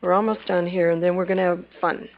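A woman preaching a sermon, retelling Bible scenes and acting out their lines, swinging between loud bursts and hushed asides. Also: fairly low pitch, fairly even intonation, quick pace, vocal fry. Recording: dull lo-fi recording.

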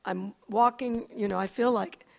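An older woman telling an emotional personal testimony, animated, with frequent restarts and a voice that climbs and drops. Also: medium pitch, moderate pace, creaky. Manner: animated storyteller, voice rises and falls, frequent restarts. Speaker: speaker giving a testimony.

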